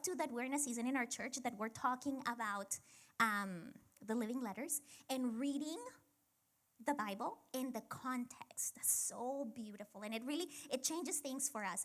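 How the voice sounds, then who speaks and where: Brief: thirties woman, church talk host, chatty and reflective, voice a touch high. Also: fairly bright tone. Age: 30s. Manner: chatty, reflective, lots of fillers. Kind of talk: casual faith talk.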